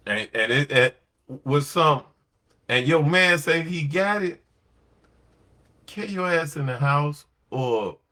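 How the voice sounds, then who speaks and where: A podcast host with a mid-range, fairly bright voice talks on a late-night show, telling stories and giving opinions in a blunt, slangy, emphatic way.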